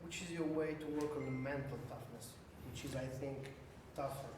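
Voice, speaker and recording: A man in the audience asking a question during a Q&A, careful and halting. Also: medium pitch. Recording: distant, roomy mic with faint noise.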